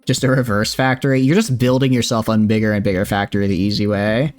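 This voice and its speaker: A man's voice: fairly low pitch, level tone, quick pace, faint music behind. A man with a Southern accent, chatting and joking while streaming a space game and reading its text aloud. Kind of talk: livestream gameplay commentary.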